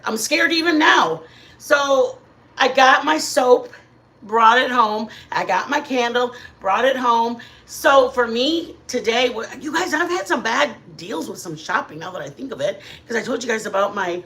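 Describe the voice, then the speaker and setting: A middle-aged woman hosting a casual livestream from her living room, telling rambling, animated stories to her chat. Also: fairly high pitch. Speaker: channel host.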